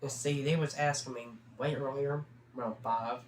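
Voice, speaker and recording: A man's voice: mid-range voice, fairly even intonation, normal speed. A teenage boy hosting a livestream, telling a long story in a loose, chatty way full of fillers. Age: teens. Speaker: livestream host. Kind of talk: casual rambling storytelling. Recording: roomy sound with faint background hum.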